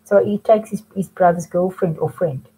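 A woman's voice: lowish voice, normal speed, dark tone, slightly rough, rough recording. A woman teaching French to students in a remote lesson, patiently explaining step by step and mixing in French phrases.

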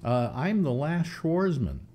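A man's voice: fairly high pitch, very animated, slow pace, mellow, a little hiss or hum. A man in his seventies hosting a casual talk show, rambling through philosophical musings with frequent restarts. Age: 70s. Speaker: host.

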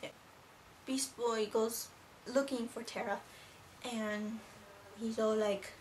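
A woman's voice: fairly high pitch, flat delivery, measured pace, a little hiss or hum. A teenage girl casually reviewing a cartoon episode as a rambling, gushing fan. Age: teens. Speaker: video reviewer.

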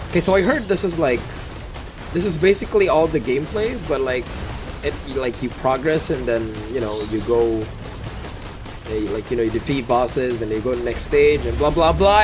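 A man giving excitable, swearing commentary while playing a video game, often calling out "dude" and panicking. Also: medium pitch, brisk. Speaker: gaming YouTuber. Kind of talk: casual gameplay commentary. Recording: loud game music and gunfire behind.

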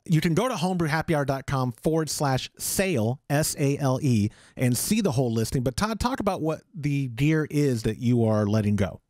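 Man co-hosting a casual podcast chat, teasing, jokey, laughs a lot, mid pitch, dry and close. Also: animated, normal speed, few pauses, darkish tone, no echo. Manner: joking and teasing, laughs often. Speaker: podcast co-host.

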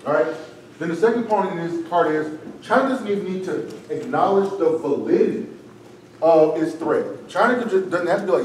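A man teaching a debate class in a relaxed, conversational way, his voice strained and wearing thin. He sits a little high for a man and is picked up from a distance across a roomy, echoey classroom. A faint hiss runs underneath. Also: fairly quick. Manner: casual, tags sentences with "right?". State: strained, tiring voice. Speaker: debate instructor. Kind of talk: classroom lecture. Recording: echoey room, far from the mic, faint noise.

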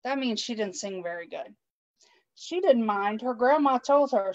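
A woman's voice: fairly high pitch, expressive, a little slow, a little hiss or hum. A woman reading a children's picture book aloud, adding chatty asides for her young listeners. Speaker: guest storytime reader. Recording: dull lo-fi online stream audio.

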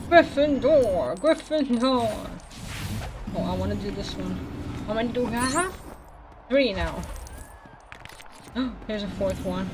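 A woman's voice: mid-range voice, background noise. Chatty woman narrating her gameplay. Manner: chatty, excitable, talks to game characters. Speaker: let's play gamer. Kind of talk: casual gameplay commentary.

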